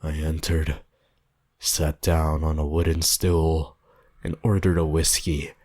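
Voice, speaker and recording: A man narrating a horror story in a slow, measured, somber reading voice. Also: very deep voice, level tone, darkish tone. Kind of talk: scripted narration.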